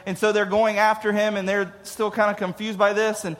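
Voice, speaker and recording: Youth pastor, male, high voice, jokey, laughs at his own jokes, long hall echo. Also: level tone, fairly quick, fairly bright tone. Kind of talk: casual youth sermon.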